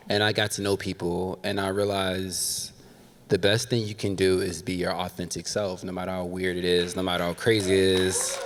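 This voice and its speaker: A man's voice: low voice, a little hiss or hum. A man telling a funny personal story on stage, animatedly acting out everyone's lines in shifting voices. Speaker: live storyteller. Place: theater stage before a live audience. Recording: long hall reverb from a live stage.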